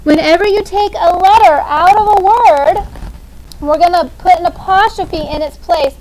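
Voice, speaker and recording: A woman's voice: very high-pitched, moderate pace, a little mellow, rough recording. A woman in her thirties teaching a classroom grammar lesson, upbeat and often checking in with "okay?". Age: 30s.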